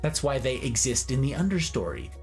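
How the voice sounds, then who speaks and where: A man's voice: medium pitch, a little fast, soft background music. A man hosting a casual livestream, chatting animatedly about houseplants and reading out viewer comments. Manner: animated, chatty, reads chat aloud. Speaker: livestream host. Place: indoor room full of plants.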